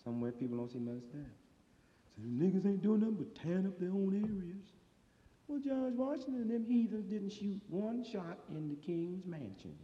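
This male comic sits high in pitch and talks animatedly at a fairly quick clip. His routine is streetwise and sardonic, building to emphatic outbursts, captured live long ago in an echoing hall with a dull sound.

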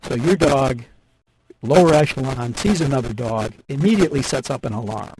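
Gravelly man explaining dog training. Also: mid-range voice, brisk. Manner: animated, acts out dog and owner voices. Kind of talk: radio call-in chat. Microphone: too close to the mic. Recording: noisy radio studio mic.

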